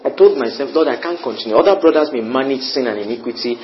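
A man preaching a sermon with an altar call, animated and climbing to near-shouts. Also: medium pitch, fast, slight background noise. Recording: muffled lo-fi with faint ambience.

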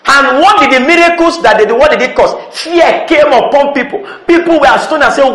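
High-pitched preacher guy, emphatic, repeats himself, echoey church sound. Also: expressive, a little fast, few pauses, a bit bright. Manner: emphatic, repeats key words, calls for responses. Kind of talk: sermon.

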